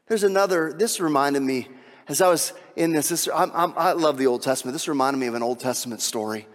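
A man preaching a sermon with emphatic delivery, swinging from hushed, intimate passages to shouted climaxes. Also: a little high, a little fast, big-room sound. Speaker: pastor.

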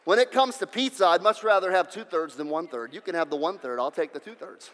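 A pastor preaching a sermon, emphatic and repetitive, swinging between loud passages and hushed ones. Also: male voice, high-pitched, fast, big-room sound, some chatter behind.

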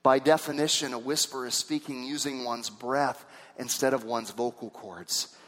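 A man preaching a sermon, swinging from hushed tones to shouts. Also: medium pitch, fairly even intonation, normal speed. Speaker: pastor. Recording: long reverb of a hall.

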